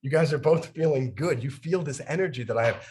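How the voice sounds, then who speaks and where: A young adult man from New York leading a laughter yoga session on a video call. He talks with lively energy, laughing through his words and breaking into ha-ha chants. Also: on the high side, a little fast, slight background noise. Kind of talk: energetic instructional talk.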